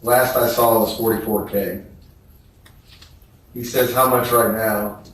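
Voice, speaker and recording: A man testifying at a trial, reading text messages aloud in a slow, subdued, flat way. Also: on the low side. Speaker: trial witness. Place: courtroom. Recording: echoey courtroom from far off.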